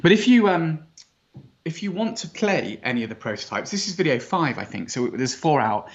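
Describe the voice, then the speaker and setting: A man's voice: fairly high pitch, sing-song, normal speed. Jovial man hosting, slightly dull sound. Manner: jovial, teasing, laughs often. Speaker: host. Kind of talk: casual chat.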